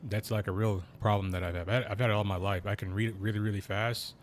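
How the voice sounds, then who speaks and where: A man streaming a game, talking slowly and casually in a kept-down voice, with a lot of slang. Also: on the low side, fairly even intonation, slight background noise. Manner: slow, laid-back talker; keeps voice down. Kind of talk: casual live-stream chat.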